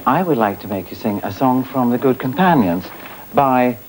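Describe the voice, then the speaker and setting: A man's voice: medium pitch, expressive, normal speed, faint music behind, low-quality recording. A middle-aged man teaching singing, chatty and encouraging, sometimes singing phrases to show how they go. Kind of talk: coaching singers in a studio class.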